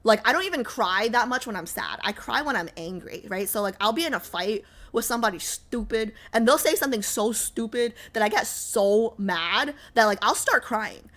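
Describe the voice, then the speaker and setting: A young woman streaming and chatting casually, rambling with lots of fillers, a little sick so her voice sits lower than usual. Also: lively intonation, normal speed, few pauses, fairly bright tone. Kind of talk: casual livestream chat.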